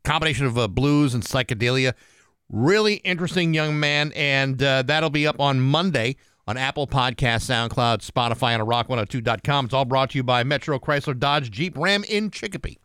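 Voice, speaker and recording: A man co-hosting a morning radio show, talking in relaxed banter with frequent fillers and restarts. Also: medium pitch, clean tone, no echo, clean studio sound. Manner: relaxed, halting with many fillers.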